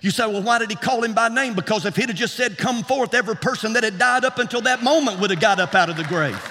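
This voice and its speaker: A man preaching a sermon in a rhythmic style that climbs to shouts and repeats words for emphasis. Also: high-pitched, fast, soft background music, a faint crowd. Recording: long hall reverb.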